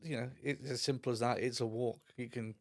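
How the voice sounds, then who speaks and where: A man's voice: mid-range voice, fairly even intonation, fairly quick. A middle-aged man co-hosting a podcast in casual chat, laid-back and chummy. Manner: laid-back, chummy, often says "mate". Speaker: podcast co-host.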